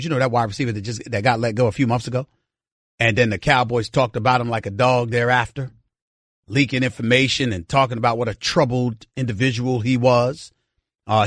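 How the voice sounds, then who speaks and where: A man's voice: mid-range voice, a bit bright, no echo, studio quality. A middle-aged man hosting a sports radio show, ranting heatedly with lots of repeated words while nursing a strained voice. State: straining an irritated voice after vocal cord surgery. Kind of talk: opinionated sports talk monologue. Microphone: studio mic.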